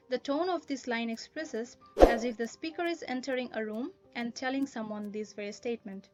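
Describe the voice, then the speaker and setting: High-voiced woman teaching a poem. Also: loud music behind the voice. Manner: careful explanatory lecturing with frequent "uh" pauses. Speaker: literature teacher. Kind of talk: recorded poetry lesson.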